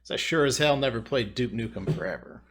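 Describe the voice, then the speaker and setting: In a trivia video he hosts, a man plays along, loosely rambling and thinking aloud to recall answers. He speaks fast in a mid-range voice, and the recording has a little hiss or hum.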